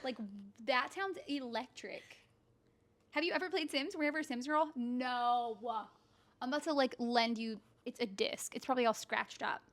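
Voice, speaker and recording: A woman's voice: high-pitched, normal speed. A woman in her twenties co-hosting a casual podcast chat, bubbly and chatty, laughing often. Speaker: podcast co-host.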